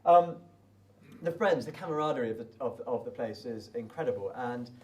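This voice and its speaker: A man's voice: mid-range voice, lively intonation, a little fast, recorded from a distance. A British man, a desert race runner, telling his story in a chatty, rambling way full of restarts. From Britain. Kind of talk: casual spoken recollection.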